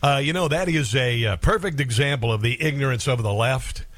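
A man's voice: medium pitch, fairly quick, a bit bright, no echo. A man hosting a talk radio show, delivering an emphatic, mocking monologue and laughing often. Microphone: studio microphone.

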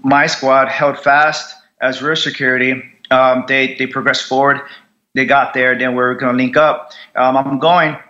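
On a podcast, a combat veteran from the United States gives a candid storytelling interview, profane and raw, with plenty of fillers and restarts. His mid-range voice comes across pushed and bright, with the high frequencies cut off.

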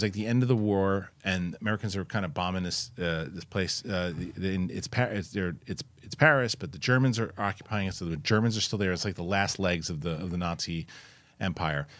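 A man's voice: deep voice, a little fast, no echo. A man co-hosting a podcast, chatting casually about a film with lots of restarts and some swearing. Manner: rambling, frequent restarts, swearing. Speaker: podcast co-host. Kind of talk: casual movie review chat.

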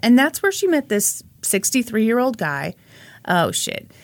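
A woman's voice: on the high side, sing-song, unhurried. A woman co-hosting a casual true crime podcast, joking and laughing often. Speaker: podcast co-host.

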